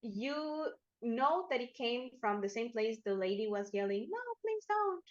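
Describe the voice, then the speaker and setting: A woman's voice: a little high, steady tone, unhurried, dull audio. A woman narrating a tabletop game as game master, chatty and laughing often.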